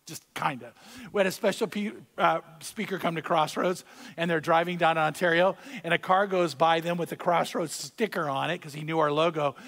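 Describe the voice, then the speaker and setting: A man preaching a sermon as pastor, speaking conversationally, repeating key phrases and swelling louder on his points. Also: on the high side, steady tone, normal speed, big-room sound. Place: church sanctuary.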